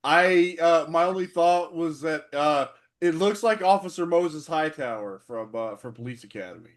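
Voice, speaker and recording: A man's voice: a little high, moderate pace. A man co-hosting a podcast, chatting casually and joking, laughing often and stammering at the starts of his sentences. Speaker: podcast co-host. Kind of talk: casual chat about classic wrestling.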